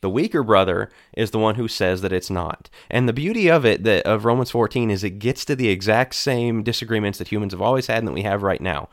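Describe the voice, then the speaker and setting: A man's voice: fairly low pitch, lively intonation, brisk, hardly any pauses, dry recording. Earnest man explaining scripture, dry sound. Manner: earnest, frequent restarts, speeds up when explaining. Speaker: preacher on a church discussion panel. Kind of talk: conversational Bible discussion.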